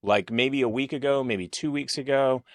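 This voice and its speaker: A man's voice: medium pitch, moderate pace, no room sound, clean studio sound. A man co-hosting a live-streamed podcast, telling rambling, jokey stories full of fillers in casual chat. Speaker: podcast co-host.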